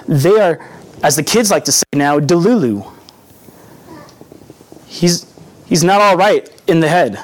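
A man's voice: on the high side, animated, unhurried, long pauses. A young adult man giving a sermon in an earnest, conversational teaching manner, acting out quotes as he goes. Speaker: preacher.

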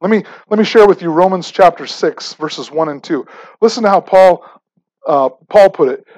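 A man's voice: sits high, normal speed, a little mellow, rough recording. A man preaching a sermon in a conversational, emphatic way, often repeating words as he starts phrases. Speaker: pastor.

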